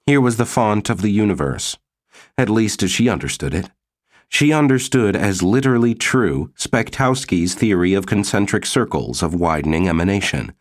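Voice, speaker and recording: A man narrating an audiobook in a steady, measured way. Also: on the low side, no echo, studio quality. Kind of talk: scripted narration.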